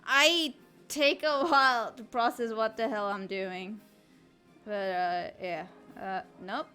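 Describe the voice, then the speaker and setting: A woman's voice: a little high, fairly even intonation, slow pace, pushed and bright, smooth, soft background music. A woman chatting casually on a live art stream, giggling often as she playfully answers chat while she draws.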